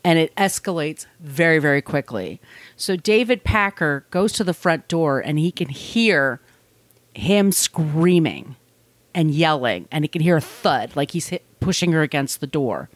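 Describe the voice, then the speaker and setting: A woman's voice: low-pitched, animated, measured pace, dry recording. A woman co-hosting a podcast, telling a true crime story in a blunt, conversational way. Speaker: podcast co-host.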